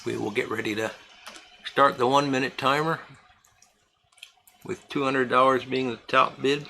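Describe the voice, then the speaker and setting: Gravelly bright-voiced man hosting live auction. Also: medium pitch, fairly even intonation, measured pace, poor audio. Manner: chatty, reads out bidders and amounts. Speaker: livestream charity auction host. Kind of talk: casual live-stream auctioneering.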